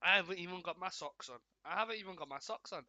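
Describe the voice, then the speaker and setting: A man calls a football match live for his stream audience, a little croaky from a cold. His voice sits high and sounds very bright and edgy. The sound is close and dry, with no room around it. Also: quick pace, dry recording. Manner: chatty, greets viewers often, corrects himself. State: slightly croaky, coming down with a cold. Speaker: football watchalong host. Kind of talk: live football play-by-play commentary.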